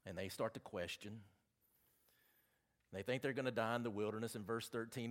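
A man with a Southern accent preaching a sermon, reading scripture and making folksy, animated asides to the congregation. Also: fairly low pitch, normal speed, long pauses.

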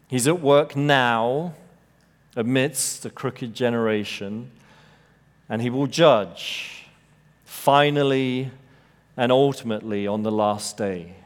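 A man preaching an expository sermon, measured and emphatic, rising to bold peaks and dropping to hushed lows. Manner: measured, emphatic delivery with dramatic rises and hushed drops. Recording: long reverb of a large hall.

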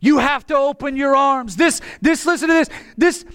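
A man preaching a sermon with passion, often rising to a shout. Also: very high voice, normal speed, no room sound. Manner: impassioned, bursts into shouting.

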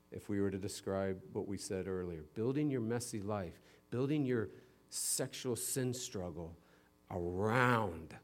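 In his sermon, the pastor alternates between loud, insistent emphasis and near-whispered low sections. Along the way he offers playful comments the way a teacher might.

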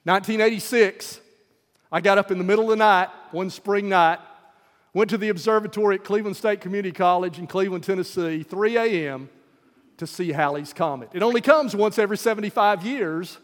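A man's voice: sits high, brisk, big-room sound. A man preaching a sermon in an emphatic style that rises to fervor.

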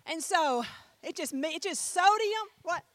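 A middle-aged woman preaching a sermon, telling a story with animated swings between loud and soft and putting questions to her listeners. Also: extremely high pitch, measured pace, no echo. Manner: talks with the audience, asks them questions.

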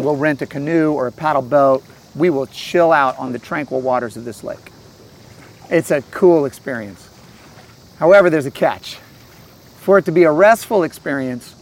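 A man giving an earnest, storytelling sermon outdoors by a lake, swinging between loud and soft passages. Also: a little high. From St. Louis area. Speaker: pastor.

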